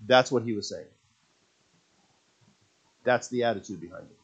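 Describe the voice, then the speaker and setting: A man preaching a sermon as pastor, swinging between loud emphatic passages and quiet, confiding asides. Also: fairly low pitch, moderate pace, pauses often, slightly rough.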